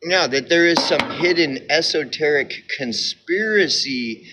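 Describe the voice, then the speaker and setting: A man's voice: medium pitch, lively intonation, sharp tone, a little hiss or hum. A man talking to camera in a casual monologue, insistent and repetitive, often restarting his sentences. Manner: repetitive, halting with restarts and fillers; insistent, emphatic. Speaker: video commentator.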